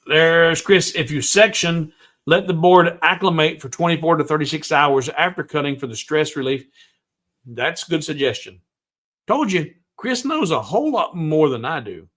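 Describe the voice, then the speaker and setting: Folksy higher-pitched man hosting a livestream. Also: expressive, normal speed, fairly bright tone. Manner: folksy and loose, hums to himself while working; reads viewer comments aloud and answers them. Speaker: woodworking livestream host. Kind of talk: casual live tutorial chat.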